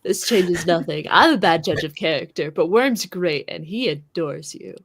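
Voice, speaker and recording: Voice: medium pitch, lively intonation, normal speed, creaky, fairly bright tone. A player voicing the adventurer Scree, speaking bluntly but encouragingly in a raised voice.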